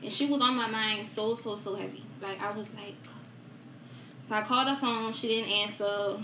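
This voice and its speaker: A young woman as a guest, telling a personal loss in a soft, halting way with many fillers and repetitions, in a roomy, noisy recording. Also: mid-range voice. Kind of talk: emotional personal story in a podcast chat. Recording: roomy echo with steady background noise.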